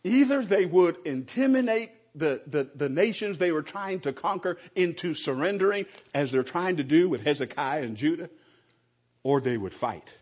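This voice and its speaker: Husky animated preacher man. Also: a little high, moderate pace, dull audio. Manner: stammering restarts, animated. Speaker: pastor. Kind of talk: sermon.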